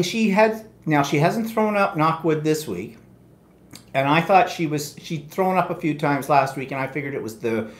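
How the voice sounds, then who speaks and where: A man's voice: mid-range voice, reverberant. A man co-hosting a live quilting stream, telling long rambling stories in a casual chatty way with many asides. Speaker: co-host of a live quilting show.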